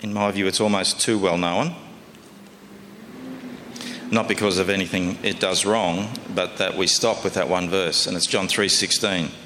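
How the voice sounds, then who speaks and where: A man's voice: sits low, steady tone, measured pace, sharp tone, long reverb tail, a little hiss or hum. A man preaching a sermon in a conversational, folksy way, often asking his listeners questions.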